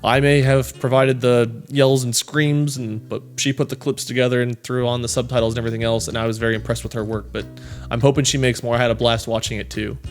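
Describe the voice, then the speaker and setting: A man's voice: mid-range voice, flat delivery, fast talker, faint music behind. A man reading viewer comments aloud and chatting casually, in a rambling, self-deprecating way with many fillers. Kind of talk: casual chat.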